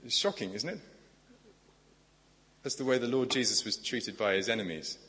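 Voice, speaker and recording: A man's voice: mid-range voice, animated, moderate pace, sharp tone. A man preaching a sermon in an earnest, conversational way, asking the congregation questions. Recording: long echoing church reverb.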